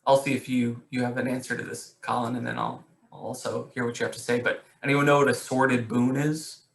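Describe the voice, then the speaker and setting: A man teaching a literature class over a video call, talking with many pauses and restarts and asking the students questions. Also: medium pitch, little pitch movement, gravelly, echoey room. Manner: hesitant, restarts often, asks questions. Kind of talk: online class discussion.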